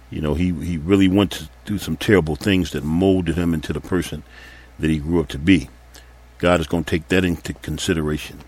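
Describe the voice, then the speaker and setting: A man's voice: sits low, husky. A man giving sermon-style Bible teaching, reading scripture aloud and earnestly repeating his points for emphasis. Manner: reads scripture aloud between comments.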